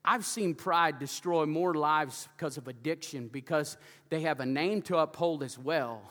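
A man delivers a sermon in a church, his voice high and bright as he tells stories with loud, animated energy. The sound carries a long hall reverb. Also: normal speed. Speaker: pastor. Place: church sanctuary.

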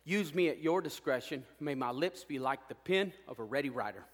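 A man preaching a sermon as pastor, fired up and swinging between loud declarations and hushed asides. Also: medium pitch, expressive, brisk, long reverb tail. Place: church sanctuary.

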